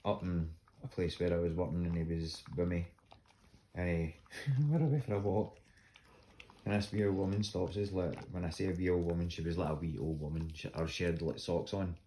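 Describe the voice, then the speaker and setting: A man's voice: sits low, level tone, a little fast, mellow, slight background noise. A Scottish man casually telling funny stories about his dog, laughing often. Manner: laughing often, acts out voices in anecdotes. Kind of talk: casual storytelling.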